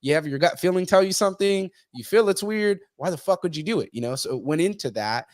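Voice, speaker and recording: A man's voice: high voice, expressive, fast talker, a little mellow, dry recording, studio quality. Blunt, profane man in podcast talk. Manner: blunt, heavy swearing, acts out quoted people. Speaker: podcast guest. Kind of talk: casual podcast conversation.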